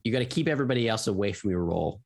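A man's voice: lowish voice, lively intonation, vocal fry. A middle-aged man co-hosting a podcast, teasing the others in casual banter. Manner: teasing, quick to laugh. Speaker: podcast co-host.

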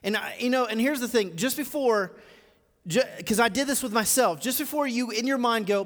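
A male pastor preaching a live sermon, moving from low, measured teaching to loud, rising exhortation. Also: long reverb tail. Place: church auditorium.

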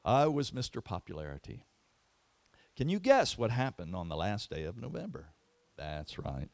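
Male pastor, sermon, lively pitch, dry close sound. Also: vocal fry, no echo. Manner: animated storytelling preacher.

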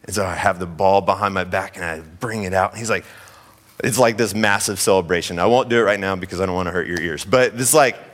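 A man in his thirties preaching a sermon, telling a family story in a lively, conversational way. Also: lowish voice. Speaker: pastor.

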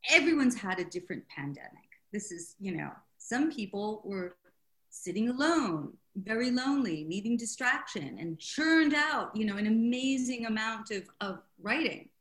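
Chatty, animated older woman author. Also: fairly high pitch. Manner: chatty, animated, self-deprecating, laughing often. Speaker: author guest. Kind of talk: interview storytelling.

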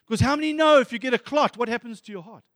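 High-voiced, excitable male preacher. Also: fast, no echo, studio quality, long reverb tail. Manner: animated, excitable preaching with sudden soft asides. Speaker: pastor. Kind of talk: sermon.

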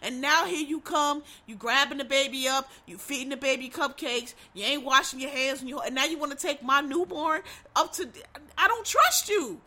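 A woman's voice: sits high, moderate pace, pushed and bright. A middle-aged woman giving a blunt, profane, emphatic rant about a TV show. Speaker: TV show commentator. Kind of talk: casual commentary rant.

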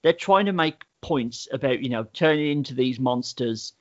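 A man's voice: mid-range voice, expressive, moderate pace. Rambling man recapping a show, lo-fi. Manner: rambling storyteller, many "like" fillers, swears freely. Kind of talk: casual chat, reviewing a TV show.

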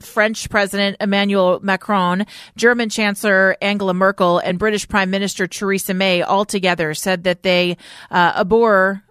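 A woman's voice: medium pitch, a bit bright, clean tone, dry recording, studio quality. A woman co-hosting a talk radio show, running through news headlines in a conversational way with casual asides. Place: radio studio.

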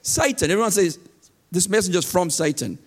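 In a sermon teaching from scripture, a man with a high, slightly breathy voice reads verses slowly and then explains them with earnest conviction, frequently restarting his phrases. Now and then he rises to loud, urgent peaks.

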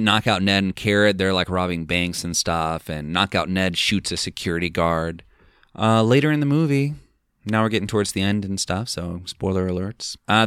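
Casual film-podcast host, male, deep smooth voice, rambling plot recap, dry close sound. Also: fairly bright tone, no room sound. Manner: rambling, filler-heavy retelling.

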